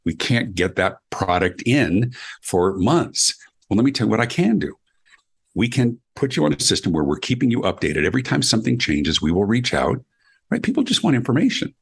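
A man's voice: very animated, fairly quick, vocal fry, slightly rough. A middle-aged man, a guest speaker and consultant, telling stories in an interview and acting out quoted dialogue with his voice. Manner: acts out quoted dialogue with big pitch jumps. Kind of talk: animated storytelling interview.

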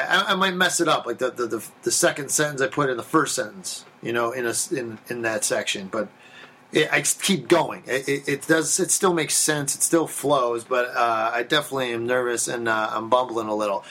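Brief: male podcast storyteller, bright and forceful, swears, acts out the dialogue. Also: a little high. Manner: animated, swearing, acts out quotes. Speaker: podcast guest telling a story. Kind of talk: casual storytelling.

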